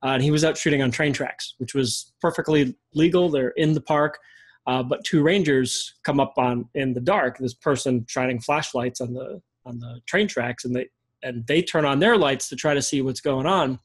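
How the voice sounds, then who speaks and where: A man, a guest photography instructor, explaining in a relaxed interview chat and pausing often with fillers. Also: mid-range voice, husky, rough recording. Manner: relaxed, many fillers and restarts. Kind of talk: casual interview talk.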